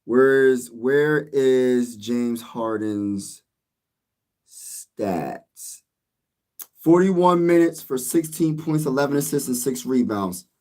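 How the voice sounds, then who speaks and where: A man's voice: medium pitch, expressive, slow pace, a little mellow. Exasperated man ranting about sports. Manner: venting, exasperated, repeats himself. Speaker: sports vlogger. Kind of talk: casual sports rant.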